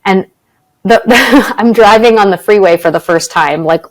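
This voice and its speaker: Canadian woman telling lively stories. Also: mid-range voice, unhurried, poor audio. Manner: animated storytelling with laughs and acted-out quotes. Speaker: podcast guest, actress and spiritual teacher. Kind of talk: casual interview storytelling.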